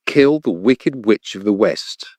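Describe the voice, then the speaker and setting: A man voicing a giant floating wizard's head that speaks slowly and commandingly. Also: lowish voice, lively intonation, a little mellow, dry recording.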